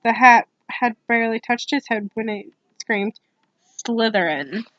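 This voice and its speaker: Bright-voiced woman reading an ASMR story. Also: fairly high pitch, level tone, normal speed, dry recording, highs cut off. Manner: casual asides between read passages. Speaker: storybook reader.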